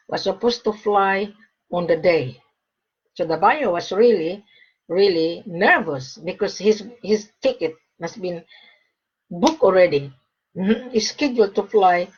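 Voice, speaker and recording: A woman's voice: fairly low pitch, slightly rough. A woman broker talking straight to camera, blunt and emphatic, repeating her points as she gives advice. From Australia. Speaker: gold and diamond broker. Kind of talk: direct-to-camera advice talk. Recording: dull lo-fi recording.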